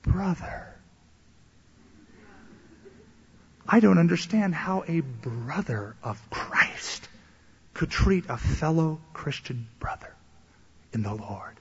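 A man voicing a pleading male con man who lays on guilt in a soft, wounded voice. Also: mid-range voice, flat delivery, fairly quick, few pauses, slight background noise, close to an everyday voice. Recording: echoey hall, dull lo-fi sound.

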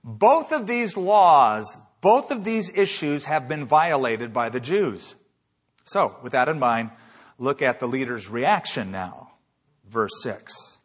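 A man's voice: medium pitch, lively intonation, slow pace, fairly bright tone, slightly rough. A man preaching a sermon as a pastor, emphatic, with rhetorical questions and repeated phrases.

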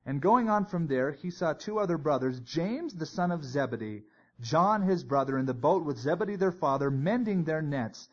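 A man teaching a Bible sermon in a conversational way, with joking asides. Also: mid-range voice. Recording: dull lo-fi recording.

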